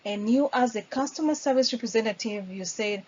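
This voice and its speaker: A woman's voice: on the high side, a little fast, a little mellow, slight background noise. A woman teaching customer service, explaining step by step and acting out sample greetings. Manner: explains patiently, acts out sample phone greetings. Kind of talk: instructional lecture. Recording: dull lo-fi recording.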